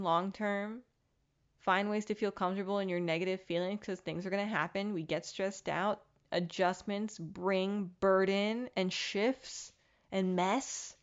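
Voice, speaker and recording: Woman, podcast host, candid motivational chat, mid-pitched voice, slightly dull lo-fi sound. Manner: candid, reflective, mildly profane self-help talk. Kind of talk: casual motivational monologue.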